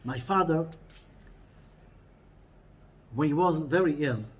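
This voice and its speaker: A man giving a weekly Torah lesson in a lively, laughing way, often repeating phrases as he explains. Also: on the high side, slow. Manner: animated, laughing, mixing in Hebrew quotes. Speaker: Torah teacher.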